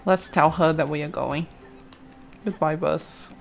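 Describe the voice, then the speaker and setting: A woman's voice: deep voice, steady tone, measured pace, creaky, soft background music. A young woman from Brazil, chatting casually over gameplay, exclaiming often and reading chat aloud. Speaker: streamer.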